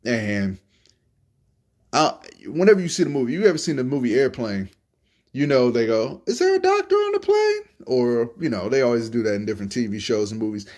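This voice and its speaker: A young man from Florida telling a story in a relaxed, casual monologue, cursing freely and often repeating his words. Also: mid-range voice, a little fast. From Tampa, Florida. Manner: laid-back, profane, repeats himself. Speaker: podcast host telling stories.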